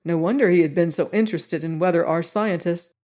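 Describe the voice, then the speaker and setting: A woman's voice: on the low side, fairly quick, mellow. Woman narrating an audiobook. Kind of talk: scripted story narration.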